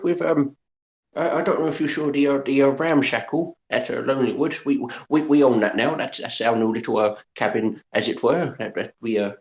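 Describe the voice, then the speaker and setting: A man's voice: mid-range voice, a little fast, muffled recording. Stammering man playing a tabletop game. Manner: stammering, repeats words often. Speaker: player. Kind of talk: tabletop role-play chat.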